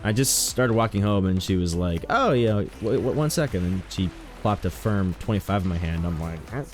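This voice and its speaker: A young man rambles through a live game stream, his voice low but swinging widely up and down as he jokes and tells stories. Faint music plays under him. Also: normal speed. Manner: joking, rambling, animated storytelling. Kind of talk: casual live-stream chat while gaming.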